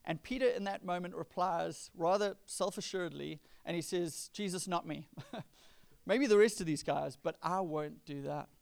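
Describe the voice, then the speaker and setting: Gravelly-voiced man preaching conversationally. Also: high-pitched, moderate pace, a little mellow. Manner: conversational preaching, acts out quoted lines with rising emphasis. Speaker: pastor. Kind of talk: sermon.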